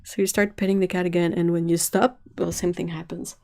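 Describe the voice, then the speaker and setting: A woman's voice: on the low side, level tone, brisk, darkish tone. A woman hosting a livestream in casual chat, telling stories in a chatty, giggly way. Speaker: livestream host.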